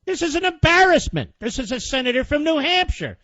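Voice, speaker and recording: A male talk radio host rants with sarcastic indignation, his voice swinging high and low. The sound is dry and close, though the broadcast audio comes through muffled and lo-fi. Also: big pitch swings, fairly quick, bright, forceful tone, no echo. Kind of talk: combative political radio commentary.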